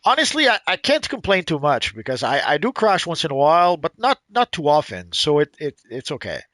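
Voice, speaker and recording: A man hosting a casual gaming livestream, halting and repeating words with many fillers. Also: a little high, sing-song, fairly bright tone, no echo. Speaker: livestream host.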